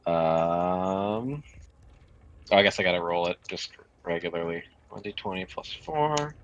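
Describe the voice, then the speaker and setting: A man's voice: sits low, lively intonation, a little slow, highs cut off. A man playing a tabletop game, making wry remarks and describing his character's actions. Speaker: player. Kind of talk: casual tabletop play.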